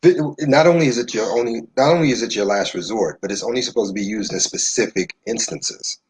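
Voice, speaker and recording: Man from New York, guest, low voice, very husky, storytelling, acts out the dialogue. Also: brisk, darkish tone, poor audio. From New York, USA. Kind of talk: conversational storytelling.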